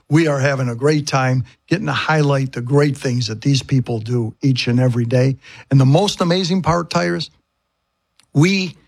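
A man guesting on a show, speaking earnestly and in a measured way. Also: on the high side, slightly rough. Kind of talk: casual interview chat.

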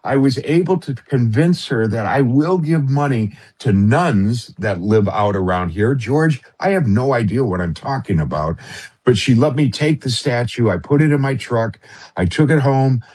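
A middle-aged man, a guest on a radio show, tells a personal story in an earnest, halting way, full of fillers and restarts. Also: mid-range voice, animated, a little mellow, husky.

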